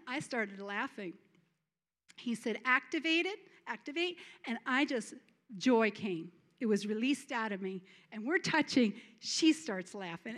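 A woman's voice: sits high, a bit bright. A woman giving a fervent sermon testimony at church, repeating words and breaking into laughter. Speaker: church speaker.

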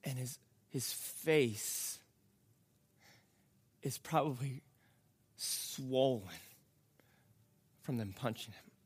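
A man preaching a sermon, reading scripture and explaining it in a slow, dramatic way that builds to emphatic outbursts. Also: mid-range voice, slightly rough. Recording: long hall reverb.

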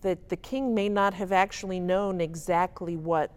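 A woman with a fairly low voice leads a Bible study. She talks in an easy, conversational way and leans on points for emphasis. She keeps checking in with her listeners as she goes. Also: steady tone, moderate pace, clean tone. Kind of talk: casual teaching talk.

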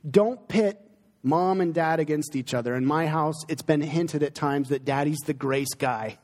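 A middle-aged man, a pastor, preaching an earnest, emphatic sermon with pauses for effect. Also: a little high, darkish tone. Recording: long hall reverb.

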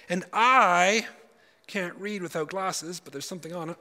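Bright-voiced man preaching in a hall. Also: a little high, animated. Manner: reads scripture aloud with emphatic pauses. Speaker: guest speaker. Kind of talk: sermon. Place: conference hall.

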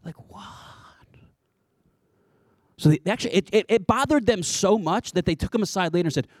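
Animated preaching man, high lively voice. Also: fast talker, dry recording, studio quality. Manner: animated, conversational preaching with playful asides. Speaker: pastor. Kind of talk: sermon.

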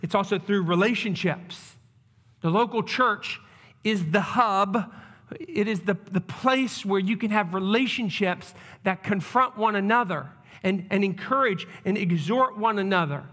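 A man's voice: sits high, unhurried, sharp tone, in a large hall. A man preaching a sermon as pastor, earnest, repeating his questions and restarting his sentences.

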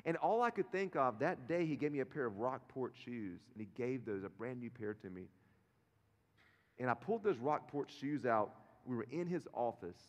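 A man's voice: mid-range voice, normal speed, highs cut off. A middle-aged man preaching a sermon as pastor, telling stories with feeling and acting out the voices of the people in them. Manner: animated storytelling, acting out quoted voices. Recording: long reverb of a large hall.

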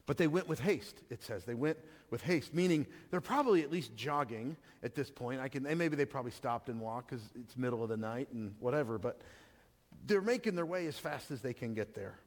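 A man's voice: medium pitch, lively intonation, a little fast, in a large hall. A man preaching a sermon in a conversational way, with restarts and rhetorical questions to the congregation. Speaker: pastor.

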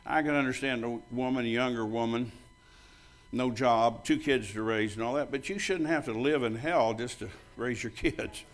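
A man's voice: mid-range voice, normal speed. An older man preaching a sermon as pastor, bluntly telling stories and acting out both sides of the conversations. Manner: loud and bold when joking with the congregation.

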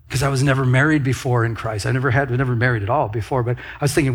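A man's voice: mid-range voice, steady tone, fast, few pauses, husky. A middle-aged male pastor preaching a sermon, calling out to the congregation to answer back and often restarting his phrases. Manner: leads congregation in call-and-response.

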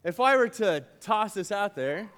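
A young man preaching to a youth camp with a playful, animated delivery, joking with the audience in a large hall. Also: high voice, unhurried. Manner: playful, animated, uses props and jokes with the crowd. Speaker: camp speaker. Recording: long hall reverb.

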